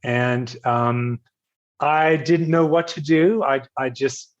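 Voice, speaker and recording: An older man from Virginia, here as a podcast guest, recounts a personal story in a loose, self-mocking way, chuckling at his own past. His voice sits at an ordinary middle pitch. The recording sounds a little dull and lo-fi. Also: takes it slowly. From Virginia, United States. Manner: anecdotal and self-mocking, quotes others, laughs at himself. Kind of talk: storytelling in a casual interview. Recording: slightly dull, lo-fi audio.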